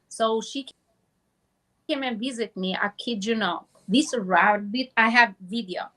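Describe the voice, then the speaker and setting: A woman telling a long dream story over a phone call, halting and restarting often. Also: on the high side, pushed and bright. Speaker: guest.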